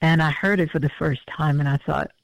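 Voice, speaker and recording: A man in his fifties, a musician talking as a guest in a casual interview, reflective and halting with many fillers. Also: a little high, steady tone, vocal fry, dry recording. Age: 50s. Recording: dull lo-fi audio.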